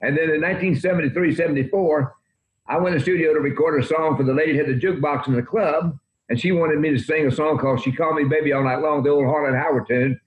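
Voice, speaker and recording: An older man in his eighties talks quickly in a slightly high voice, telling folksy, rambling anecdotes. The audio sounds roomy and dull, like a lo-fi remote recording. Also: steady tone. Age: 80s. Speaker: country music guest. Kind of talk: interview storytelling.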